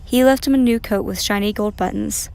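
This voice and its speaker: A woman reading a children's picture book aloud in a gentle, expressive way. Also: mid-range voice, a little fast, creaky, smooth. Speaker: storyteller. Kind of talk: children's story read aloud.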